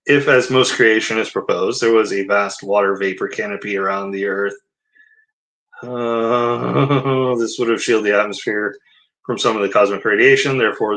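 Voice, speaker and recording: The recording is low quality, and the man's lowish voice is a bit bright. He reads book passages aloud, then rambles through sarcastic, mocking rebuttals and casual asides.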